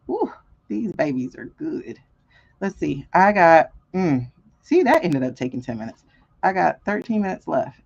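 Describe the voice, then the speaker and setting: A woman hosts a live card-reading stream, talking straight to her viewers and laughing often. Her husky, slightly gravelly voice swings widely in pitch. The audio sounds a little dull and lo-fi. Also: darkish tone. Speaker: tarot reader and stream host.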